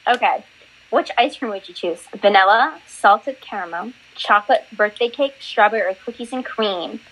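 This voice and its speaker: A woman's voice: medium pitch, moderate pace, a bit bright, breathy edge, highs cut off. A young woman hosting a casual chat, asking questions with a giggly manner.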